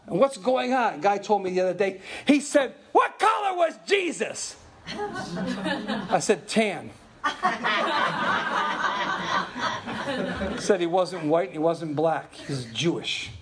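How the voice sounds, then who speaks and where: An older man preaching a sermon to his congregation, telling stories with chatty asides and frequent laughs, dropping to murmurs and rising to loud exclaims. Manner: animated storytelling, swings from low murmurs to loud exclaims. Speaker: pastor.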